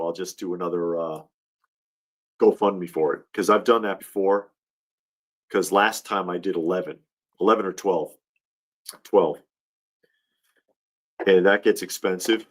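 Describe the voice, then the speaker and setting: A man hosting a casual livestream, rambling and heartfelt as he talks, often restarting his sentences. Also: deep voice. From Georgia, US. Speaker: livestream host.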